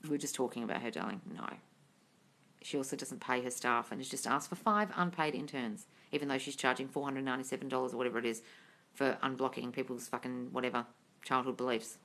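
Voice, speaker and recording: A woman's voice: rumbling low, quick pace, fairly bright tone. A woman hosting a live stream, reading viewer comments aloud and answering them bluntly, swearing freely and calling viewers darling. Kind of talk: casual chat reading comments.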